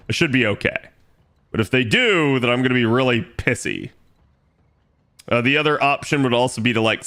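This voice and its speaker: Man, bright voice, mid pitch, casual gameplay commentary, explains each move, swears a bit. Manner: relaxed, explains his moves aloud, swears casually. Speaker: streamer playing a strategy game.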